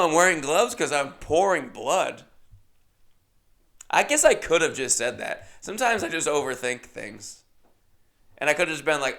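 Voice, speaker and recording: A man's voice: on the high side, big pitch swings, moderate pace, long pauses, fairly bright tone. A man hosting a podcast, telling a comedic story in a wry, self-deprecating way. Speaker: podcast host.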